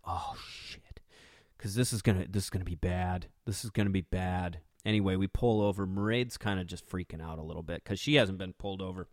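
A man's voice: lowish voice, no room sound, studio quality. A man in young adulthood, hosting a podcast and telling a rambling, casual story with laughs between phrases. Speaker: podcast host.

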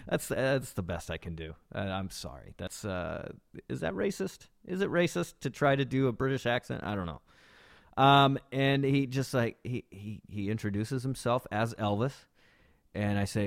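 A man's voice: medium pitch, lively intonation, normal speed, dry recording, studio quality. A man hosting a podcast and telling a story casually, rambling with many fillers and restarts. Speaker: podcast host.

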